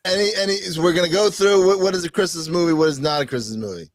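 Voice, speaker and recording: A man's voice: high voice, fast talker, no echo. A man co-hosting a casual comedy podcast, jokey and playful. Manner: jokey, playful, prone to bursts of silly voices. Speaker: podcast co-host.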